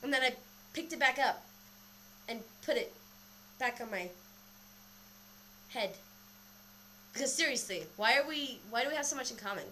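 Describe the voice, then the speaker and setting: A young woman vlogs casually on her webcam, a little out of breath, rambling animatedly and swearing a lot as she tells a story. Her voice is on the high side at a moderate pace with frequent pauses, and the built-in webcam mic adds a little hiss or hum.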